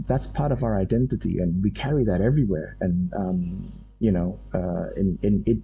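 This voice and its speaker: A man's voice: deep voice, normal speed, creaky, warm tone, rough recording. A man giving a university lecture, thinking aloud and repeating his phrases as he goes. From Indonesia.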